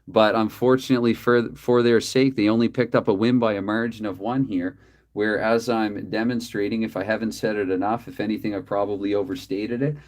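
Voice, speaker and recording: A man calling play-by-play for a dice hockey game from his desk, chatty and quick to correct himself with apologetic asides. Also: lowish voice, steady tone, darkish tone. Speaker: tabletop hockey game host.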